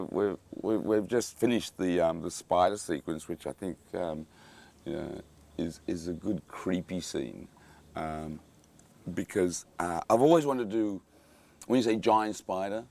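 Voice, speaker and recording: A man with a low, darkish voice is interviewed on set while directing a film in a tropical cave. He talks casually and enthusiastically, with plenty of fillers and restarted sentences.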